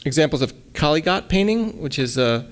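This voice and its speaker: A man giving a relaxed lecture at a college, hesitating often with ums and restarts and reading his own poems aloud. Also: fairly high pitch, fairly quick. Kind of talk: casual lecture with poem readings.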